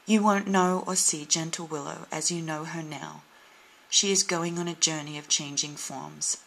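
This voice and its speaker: A woman voicing a wise, gentle tree wizard in a children's storybook, slow and comforting. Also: deep voice, fairly even intonation, gravelly, heavily acted, low-quality recording. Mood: consoling. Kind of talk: storybook reading.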